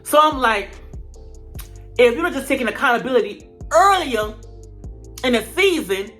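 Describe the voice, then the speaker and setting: In a laid-back commentary vlog, a reality show reviewer recaps scenes with dramatic flair, swearing freely and staying animated throughout. His pitch sits in the middle, the pace is moderate, and soft music plays in the background.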